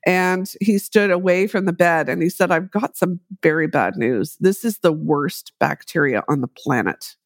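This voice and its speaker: A middle-aged woman telling a story as an interview guest, measured and explanatory, with frequent fillers. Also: lowish voice, no echo, clean studio sound. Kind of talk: conversational interview.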